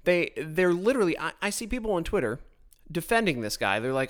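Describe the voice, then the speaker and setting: A man's voice: fairly high pitch, very animated, a little fast, a bit bright. A man hosting a podcast, delivering a blunt, sarcastic political monologue into his own microphone, often stumbling and restarting his sentences. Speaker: podcast host.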